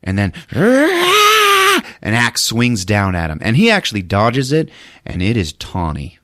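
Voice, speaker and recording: A man's voice: mid-range voice, wildly swooping pitch, slow pace, pushed and bright, no room sound, studio quality. A man hosting a podcast, retelling a movie casually, laughing often and acting out the characters' lines. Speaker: podcast host.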